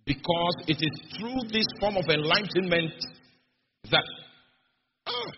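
A man's voice: high-pitched, animated, slow pace. A male preacher teaching a sermon, stressing his key phrases through repetition and often checking in with the audience. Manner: emphatic, repeats key phrases. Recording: dull, noisy recording in an echoey hall.

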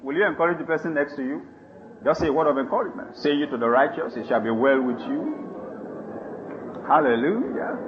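A male pastor preaching a sermon, animated, laughing and calling for responses from the congregation. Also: fairly high pitch, fairly quick, highs cut off, noisy background.

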